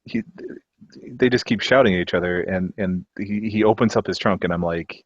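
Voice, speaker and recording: A man's voice: sits low, moderate pace, dry recording. A man telling a personal story in casual chat, hesitant, with many restarts and offhand swearing. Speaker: discussion participant. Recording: dull, muffled mic.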